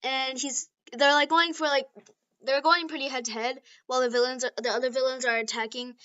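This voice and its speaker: Give me a bright-toned woman rambling through a casual fan story, dull lo-fi recording. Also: sits high, fairly even intonation, fairly quick. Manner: rambling, giggly, filler-heavy.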